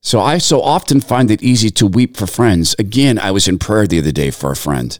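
A man's voice: fairly low pitch, expressive, fairly quick, dry recording, studio quality. A man giving sermon-like commentary in an earnest tone, reciting scripture in long lists. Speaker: Christian commentator.

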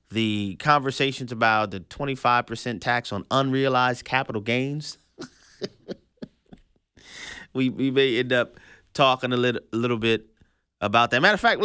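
A man's voice: medium pitch, bright, forceful tone, clear, resonant tone, no echo, clean studio sound. A man hosting a radio talk show, casual and joking, often repeating and restarting his words. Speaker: radio host.

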